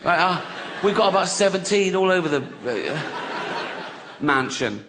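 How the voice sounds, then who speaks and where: A man's voice: sits high, sing-song, moderate pace, background noise. A man doing a stand-up comedy routine, sardonic and profane in a chatty way.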